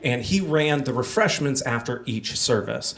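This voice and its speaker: A man's voice: medium pitch, expressive, moderate pace, a bit bright, distant mic. A young man telling a personal story on stage at a live storytelling show, casual and self-deprecating, with many fillers.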